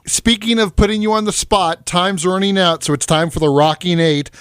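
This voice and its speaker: A man hosting an interview show, asking quick-fire questions in a playful, teasing way. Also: high voice, steady tone, fairly bright tone, clear, resonant tone, no room sound, studio quality. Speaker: interview host.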